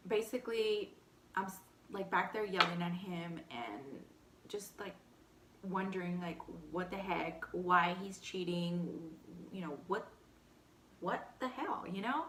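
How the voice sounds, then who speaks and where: A young woman with a light Texan accent casually telling a personal story between bites, animated and candid, full of "like". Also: mid-range voice, roomy sound, slight background noise. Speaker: vlogger. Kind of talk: storytime eating show chat.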